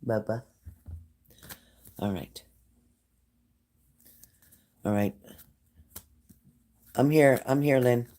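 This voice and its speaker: A man's voice: mid-range voice, very slow, pauses often, warm tone. A man giving a casual live-streamed tarot reading at home, talking straight to a viewer and breaking off into chatty asides. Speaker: psychic tarot reader. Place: at home indoors by a glass sliding door.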